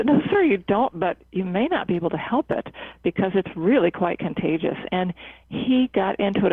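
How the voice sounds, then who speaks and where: A psychotherapist who leads a laughter club at a cancer center, answering interview questions in an earnest, measured way with frequent fillers and restarts. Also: mid-range voice, no room sound. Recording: tinny phone-like line, dry.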